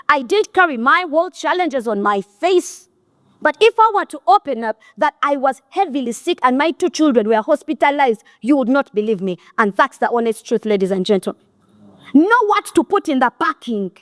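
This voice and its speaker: Blunt high-voiced Ugandan woman speaker. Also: a bit bright, no echo, clean studio sound. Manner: blunt, scolding, exhorting. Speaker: motivational speaker. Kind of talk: motivational talk to an audience.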